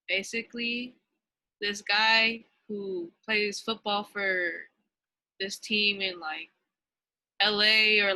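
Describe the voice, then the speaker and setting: Young woman podcast co-host, bright tone, dry close sound, rambling casual storyteller. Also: mid-range voice, dry recording, low-quality recording. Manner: loose, swearing, rambling storytelling. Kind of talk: casual chat.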